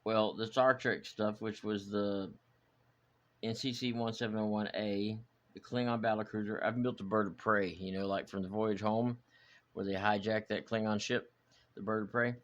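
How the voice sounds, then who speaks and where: On a muffled recording, a channel host who builds models talks at normal speed in a lowish voice with fairly even intonation. He wanders reflectively through his vlog chat, often restarting and using fillers.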